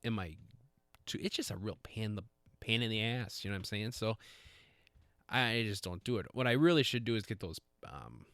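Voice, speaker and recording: A man's voice: lowish voice, lively intonation, moderate pace, a bit bright, no echo, studio quality. A man hosting a podcast, chatting casually in a rambling, self-deprecating way with lots of fillers and restarts. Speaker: podcast host. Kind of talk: casual chat.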